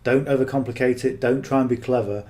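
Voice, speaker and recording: A man's voice: mid-range voice, fairly even intonation, fast talker, darkish tone. A man coaching on marketing in casual, unscripted talk, blunt and earnest, who keeps checking in with "okay?".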